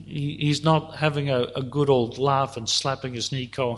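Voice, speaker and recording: A man preaching a sermon, teaching slowly and deliberately through a psalm and voicing God's words at times. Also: mid-range voice, steady tone.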